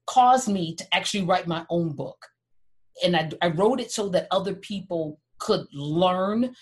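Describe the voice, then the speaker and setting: A middle-aged woman hosting a podcast, telling a personal story in an earnest, animated way and acting out what others said. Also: medium pitch. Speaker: podcast host. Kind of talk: heartfelt conversational talk.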